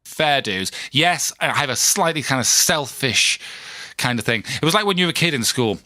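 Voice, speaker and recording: A man's voice: mid-range voice, expressive, moderate pace, pushed and bright, no room sound. A man hosting a solo podcast, rambling in a chatty, self-deprecating way full of asides and restarts. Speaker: podcast host.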